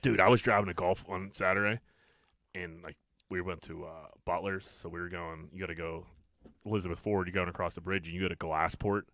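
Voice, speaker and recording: A man, co-hosting a casual podcast chat, loud and crude, laughing often. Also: low-pitched, fairly even intonation, fairly quick, no room sound. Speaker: podcast host.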